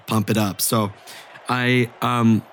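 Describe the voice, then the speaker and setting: A man playing in a tabletop game, describing his character's action in an animated, vivid way. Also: medium pitch, slow, slight background noise. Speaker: player. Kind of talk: casual tabletop play.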